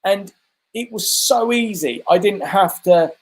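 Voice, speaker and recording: A man's voice: high-pitched, a little slow, breathy edge. A middle-aged man speaks as an interview guest. He tells his own story earnestly and confessionally, stringing his thoughts into long run-on sentences. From United Kingdom. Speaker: interview guest, transformational coach.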